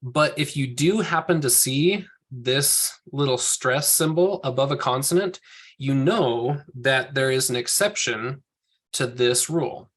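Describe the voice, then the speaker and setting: Speaking at a measured pace in a medium-pitched, slightly bright voice, a Hebrew teacher gives an online class lecture over video call. He lays out the language rules step by step with patience.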